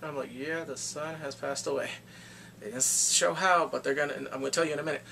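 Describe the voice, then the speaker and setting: Gravelly, animated man recapping a movie. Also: a little high, brisk, slight background noise. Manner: animated, reacts with exclamations and gasps. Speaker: movie reviewer.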